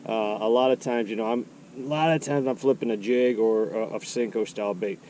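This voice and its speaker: A man giving casual fishing tips, explaining his approach step by step in a relaxed way. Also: on the low side, brisk, slight background noise. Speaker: angler.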